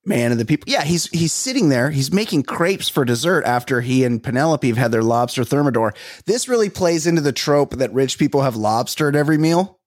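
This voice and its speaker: A man hosting a comedy podcast who talks in a casual, animated way, swearing freely and riffing on movie scenes. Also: mid-range voice, a little fast, hardly any pauses, no room sound, studio quality. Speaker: podcast host.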